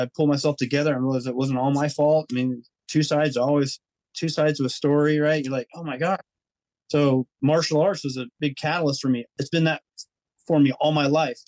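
Earnest man with a higher voice, dry sound. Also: a little mellow, no room sound, low-quality recording. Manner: earnest, rambling, acts out his own inner voice. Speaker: podcast guest. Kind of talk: emotional personal storytelling.

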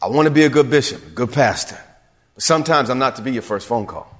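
A man's voice: medium pitch, animated, fast talker, a bit bright. A man, a pastor, preaching a sermon to his church, building to emphatic calls and asking the congregation if they hear him. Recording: long reverb of a large hall.

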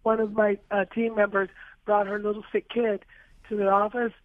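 A woman guest on a radio show, hoarse from losing her voice, talking in an earnest, lively way. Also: medium pitch, moderate pace, dry recording. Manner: earnest and lively, laughs easily. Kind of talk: radio interview by phone. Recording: tinny phone line.

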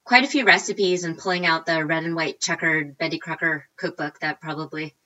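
Woman, 40s, animated interview guest; bright, slightly low voice, dull recording. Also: a little fast. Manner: animated, acts out quotes with big pitch jumps. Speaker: guest, recipe blogger. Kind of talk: casual storytelling interview.

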